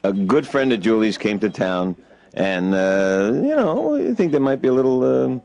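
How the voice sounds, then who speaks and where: A man's voice: mid-range voice, big pitch swings, moderate pace, a little mellow, no room sound, highs cut off. An actor voicing a pushy male coworker in a cartoon, who nudges and coaxes insistently. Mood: coaxing. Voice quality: gravelly. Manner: nudging, coaxing, insistent.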